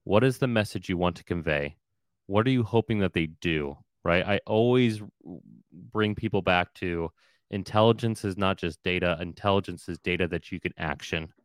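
A man's voice: low voice, normal speed, no room sound. A man hosting a casual interview podcast, talking in long rambling questions with many restarts. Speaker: podcast host.

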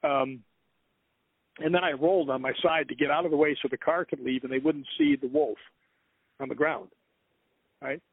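A man with a fairly high voice spins a rambling story as an interview guest and laughs between the lines. The sound is thin and phone-like, with a dry, close feel. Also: animated, moderate pace, creaky, pauses often, husky, no echo. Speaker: guest author.

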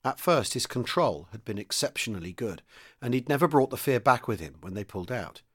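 A man reading a novel aloud in a steady, measured narrating voice. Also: mid-range voice. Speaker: reader. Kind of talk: audiobook-style novel reading.

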